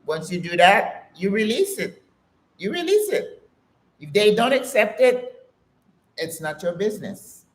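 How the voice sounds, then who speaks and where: A woman's voice: medium pitch, expressive, measured pace, roomy sound. A woman in her sixties hosting her own channel, giving an emphatic, preachy motivational talk and calling her listeners sis. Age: 60s. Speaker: channel host. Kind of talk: casual motivational talk to camera.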